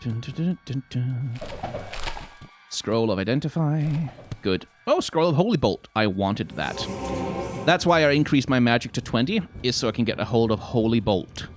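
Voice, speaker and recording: A man's voice: medium pitch, big pitch swings, moderate pace. Chatty man narrating his gameplay over music. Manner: chatty, thinks aloud, swears casually. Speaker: let's play host. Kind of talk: casual gameplay commentary. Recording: game music playing loudly underneath. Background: game music.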